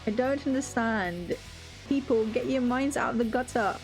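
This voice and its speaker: A young woman streamer talking off the cuff while she plays, rambling and swearing freely as she chats with her viewers. Her voice sits a little high, and faint game music plays softly behind her at a desk mic. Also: moderate pace. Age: young adult. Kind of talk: casual live-stream chat while gaming.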